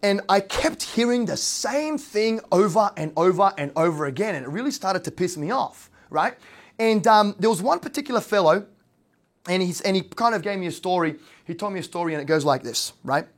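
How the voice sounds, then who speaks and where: A man's voice: sits high, lively intonation, fairly quick. An Australian man giving a casual slideshow presentation on real estate as an investor and brokerage owner, rambling, with lots of fillers and tag questions.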